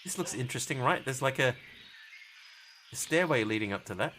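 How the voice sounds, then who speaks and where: A man's voice: medium pitch, animated, fairly quick, bright, forceful tone, a little hiss or hum. A man live-streaming a game, chatting casually and jokily with his viewers as he plays. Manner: rambling, jokey, chatty with viewers. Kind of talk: casual live-stream chat while playing.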